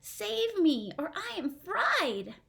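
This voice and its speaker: A woman voicing a small, frightened wooden puppet boy with high pleading cries in a storybook reading. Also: sing-song, takes it slowly, creaky, a bit bright, heavily acted.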